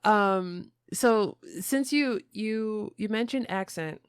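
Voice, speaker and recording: A woman's voice: mid-range voice, slow, clear, resonant tone, dry recording, clean studio sound. A woman hosting a podcast interview, talking in a reflective, chatty way with lots of fillers. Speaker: podcast host.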